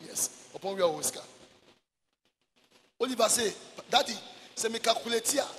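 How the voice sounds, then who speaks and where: A man preaching a sermon as pastor, mixing Twi and English and shouting for emphasis. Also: very high-pitched, lively intonation, moderate pace. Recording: echoey hall with faint noise.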